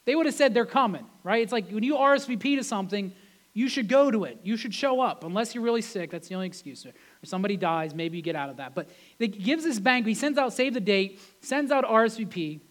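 A pastor with a notably high voice for a man delivers his sermon like a chat. He keeps throwing rhetorical questions at the congregation to keep them with him. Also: lively intonation, fast talker. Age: adult with wife and kids. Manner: conversational, peppered with rhetorical questions.

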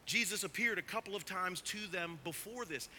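Man, pastor, sermon, high-ish pitch, piercing bright tone, emphatic. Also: moderate pace, a little hiss or hum. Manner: emphatic, swings from quiet to loud.

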